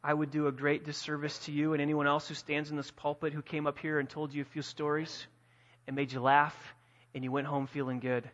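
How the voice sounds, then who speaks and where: A man preaching a sermon as pastor, emphatic, building to forceful peaks and dropping low again. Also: monotone, a little fast, highs cut off. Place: church sanctuary.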